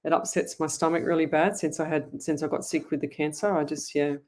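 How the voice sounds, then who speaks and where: A woman's voice: low voice, steady tone, fairly quick, darkish tone. A woman with an Australian accent hosting a live online psychic reading show, chatty and rambling, talking straight to her viewers. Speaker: psychic medium host.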